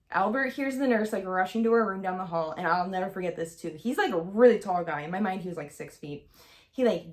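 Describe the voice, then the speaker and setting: Chatty young woman with a gravelly edge. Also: on the low side. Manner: chatty, heavy use of "like" and "um", candid. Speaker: vlogger. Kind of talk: casual storytelling to camera.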